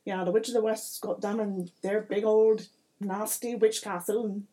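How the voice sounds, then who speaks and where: A folksy, pushy small-town mayor, as a woman puts him on in a deliberately bad accent, mellow and chatty. He talks at a leisurely pace and keeps trying to sell things. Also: medium pitch, level tone, close to an everyday voice.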